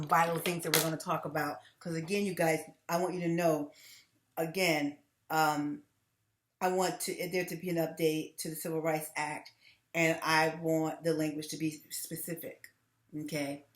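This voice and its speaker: A middle-aged woman hosting her own commentary channel, talking to viewers in an emphatic way that repeats phrases and breaks into laughs between points. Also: fairly low pitch.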